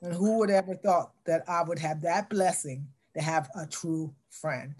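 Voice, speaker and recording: A middle-aged woman telling a story in an interview, acting out the dialogue with lively shifts in voice. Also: deep voice, measured pace, breathy edge.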